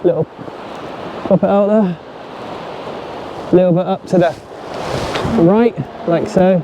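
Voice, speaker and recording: A man casually chatting to his viewers while fishing on a sandy shore, talking straight to the camera and getting excited when a fish bites. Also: sits high, slow, muffled recording. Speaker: fishing vlogger. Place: outdoors on a sandy shore at low tide. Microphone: camera set up on the beach. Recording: outdoor recording with loud surf noise. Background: waves and surf.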